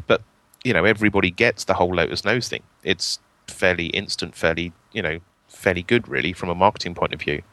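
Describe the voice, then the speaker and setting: A low-pitched man with a bright edge chats on a podcast panel. He laughs often and drops quick quips, and the recording is dry and close. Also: no echo. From England. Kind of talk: casual panel chat.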